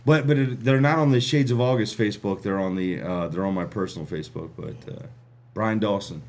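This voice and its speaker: A man's voice: lowish voice, brisk, a little mellow. A man, a band's singer and keyboardist, answering interview questions in a wry, self-deprecating way. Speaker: band singer and keyboardist, guest.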